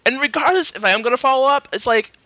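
A man's voice: very high voice, fast talker, sharp tone, dry recording. A man casually telling rambling stories among friends, laughing often and acting out what people said. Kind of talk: casual storytelling chat.

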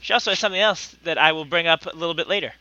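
Lively bright-voiced young man. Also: on the high side, racing, muffled recording. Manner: laughs often, jokes around. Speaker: podcast co-host. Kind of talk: casual banter.

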